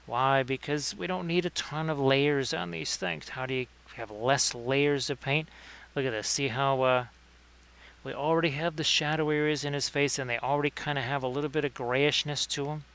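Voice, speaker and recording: A man's voice: mid-range voice, fairly even intonation, moderate pace, gravelly, fairly bright tone, clear, resonant tone. A man hosting a casual livestream painting tutorial, chatting with viewers by name between painting tips. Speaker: miniature painting streamer.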